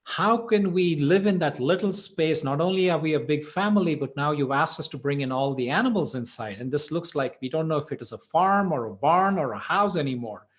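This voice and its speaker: A man putting on a frantic village father who pleads in a raised, strained voice. He sounds close to tears and is pitched higher than the storyteller's own voice. It is storybook telling inside a meditation talk. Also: lively intonation, fairly quick, hardly any pauses, natural voice. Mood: distraught. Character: distraught village father, crying and desperate.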